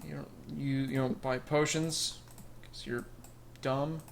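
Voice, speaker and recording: A man's voice: mid-range voice, fairly even intonation, slow, gravelly, background noise. A man hosting a let's play, reading game text and making rambling, wry, joking asides in sarcastic commentary. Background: faint game music.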